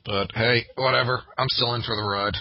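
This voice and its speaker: A man's voice: medium pitch, steady tone, a little fast, no room sound. A man co-hosting a casual podcast chat, hesitant, with many fillers and restarts. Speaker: podcast co-host. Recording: dull lo-fi sound.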